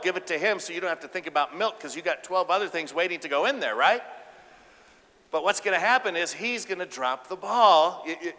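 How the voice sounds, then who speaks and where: A man giving an animated, humorous keynote speech about relationships on a conference stage. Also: on the high side. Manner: animated, acts out voices, audience banter. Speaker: keynote speaker and relationship counselor. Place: conference stage before a live audience. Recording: echoey conference hall.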